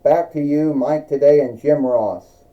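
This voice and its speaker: Brief: a man as a polite, chatty wrestling interviewer, unhurried, dull homemade recording. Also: on the high side, close to an everyday voice.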